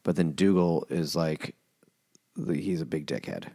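A man's voice: extremely low pitch, warm tone. A man co-hosting a casual book podcast, joking crudely and acting out characters. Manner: jokey, crude, acts out characters in quick voices. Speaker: podcast co-host. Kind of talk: casual chat about a book.

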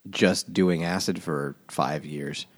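A man with a very deep voice rambles through a plot summary in a casual book discussion. His humor is dry and his language is profane. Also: slow. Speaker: podcast co-host.

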